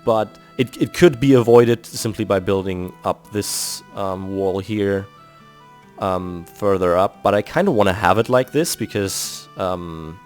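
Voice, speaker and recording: With faint music playing behind him, a man from Germany builds in a game and casually comments on it. His lowish, unhurried, slightly mellow voice carries a German accent as he thinks aloud and explains each step.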